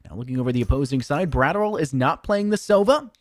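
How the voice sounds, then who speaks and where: A young man casting a collegiate esports match, excited and joking, sounding tired. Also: a little high, quick pace, no room sound, studio quality. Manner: excited, jokey, rambling. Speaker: esports caster. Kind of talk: esports commentary.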